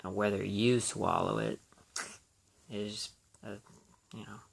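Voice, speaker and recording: A man's voice: lowish voice, very animated, slow, creaky, a little hiss or hum. A man hosting a casual solo movie podcast, talking in a rambling, hesitant way with many fillers and restarts. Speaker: podcast host.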